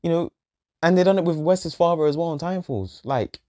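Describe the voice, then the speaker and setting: A man's voice: fairly high pitch, a little fast, dark tone. A man ranting in a show review, exasperated and profane, repeating himself and trailing off in sighs. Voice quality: exasperated, sweary, repetitive.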